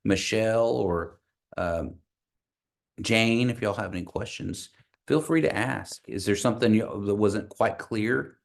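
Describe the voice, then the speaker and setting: A man teaching an online language class over a video call, patiently repeating words slowly for learners. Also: fairly low pitch, creaky.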